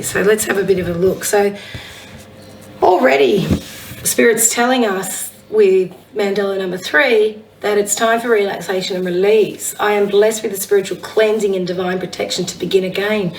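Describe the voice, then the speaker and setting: A woman with a husky voice, a psychic medium giving a casual oracle card reading and reading affirmations aloud. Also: medium pitch, far from the mic, poor audio. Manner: chatty, warm-hearted encouragement, reads affirmations aloud.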